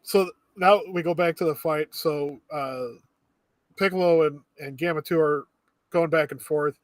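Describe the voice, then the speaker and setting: Young man, fairly high voice, dry close sound, relaxed recap, filler-heavy. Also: measured pace, dry recording. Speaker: podcast co-host. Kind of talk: casual movie review chat.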